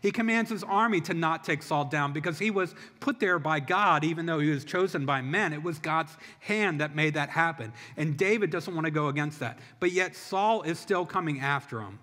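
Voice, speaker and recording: Bright-voiced man preaching in a hall. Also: a little high, moderate pace, few pauses. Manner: storytelling, conversational with humor. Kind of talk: sermon. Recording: long reverb of a large hall.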